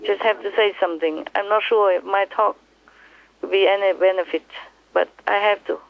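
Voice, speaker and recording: A woman's voice: medium pitch, fairly even intonation, moderate pace, vocal fry. A woman spiritual teacher on a phone call with her disciples, speaking in an impassioned, emphatic way and repeating her points. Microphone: telephone. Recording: tinny phone line.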